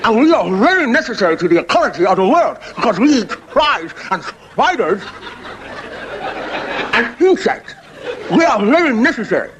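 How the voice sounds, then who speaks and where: A man voicing a small, anxious male frog who pleads in drawn-out, squeaky cries. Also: very animated, crowd noise, noisy background. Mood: earnest pleading.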